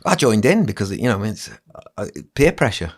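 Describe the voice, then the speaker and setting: A man in his sixties, a children's entertainer, telling stories on a podcast in a lively way and acting out what other people said. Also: fairly low pitch, normal speed, slightly rough. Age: 60s. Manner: animated storyteller who acts out other people's lines. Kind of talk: casual anecdote telling on a podcast.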